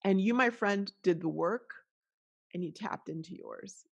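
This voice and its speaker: A woman's voice: mid-range voice, unhurried, gravelly. A middle-aged woman hosting a podcast, talking in an earnest, emotional, motivational way with frequent restarts. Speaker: podcast host. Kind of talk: casual motivational monologue.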